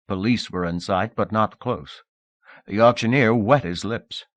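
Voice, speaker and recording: Slow, low-voiced male audiobook narrator. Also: no room sound. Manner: measured, expressive reading. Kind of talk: scripted narration.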